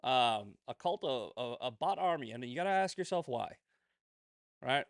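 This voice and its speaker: A man with a medium-pitched, animated voice hosts a political commentary show at normal speed, ranting in a heated, profane, combative way and often tacking on "right?" and "okay?". The sound is clean studio audio with no room sound.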